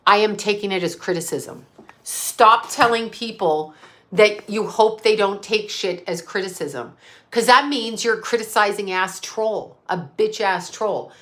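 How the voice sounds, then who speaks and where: A woman's voice: mid-range voice, sharp tone. A middle-aged woman ranting on an unscripted live stream, blunt, profane and sarcastic. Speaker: psychic medium live streamer.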